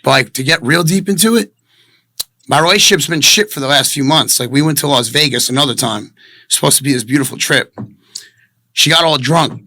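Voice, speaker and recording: A man's voice: fairly high pitch, a little fast, sharp tone, no room sound. A man giving an emotional, defensive interview about his breakup, rambling and earnest.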